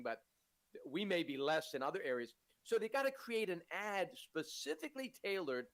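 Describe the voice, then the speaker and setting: A man co-hosting a political talk show, telling stories in an animated, indignant way. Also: a little high. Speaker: co-host.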